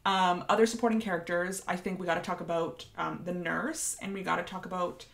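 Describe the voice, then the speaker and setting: A woman's voice: on the low side, fairly even intonation, fairly quick, vocal fry, fairly bright tone. A woman co-hosting a theatre podcast, chatting casually and laughing often. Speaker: podcast co-host. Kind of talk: casual chat.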